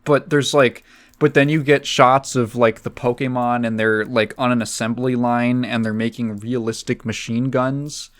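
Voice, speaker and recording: A man's voice: mid-range voice, fairly even intonation, normal speed. A tired man rambling casually as he hosts his solo podcast, with many restarts. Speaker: podcast host.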